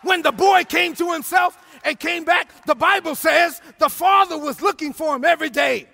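A man preaching a sermon in a church sanctuary, shouting and sing-song in turns. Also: very high voice, moderate pace, gravelly, a faint crowd. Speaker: pastor.

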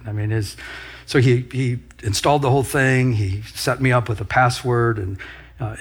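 A man's voice: medium pitch, husky. A man preaching a sermon as pastor, telling a story with quoted asides and laughing along the way.

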